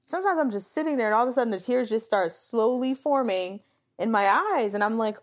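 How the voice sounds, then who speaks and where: A woman's voice: a little high, fairly quick. A woman co-hosting a casual podcast chat, talking in an earnest, emotional way that comes close to tears. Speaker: podcast co-host.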